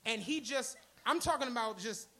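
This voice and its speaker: An extremely high-pitched man speaking at a normal speed tells a profane story before a live podcast audience in a comedy club. The co-host is animated, playing the people in his story on stage.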